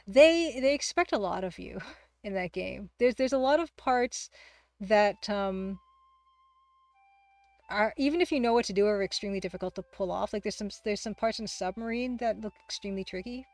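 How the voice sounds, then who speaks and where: A woman hosting a casual livestream, who talks fast, rambles through chat replies, laughs often and pokes fun at herself. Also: mid-range voice, a little mellow, no echo, faint music behind. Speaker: livestream host and game artist.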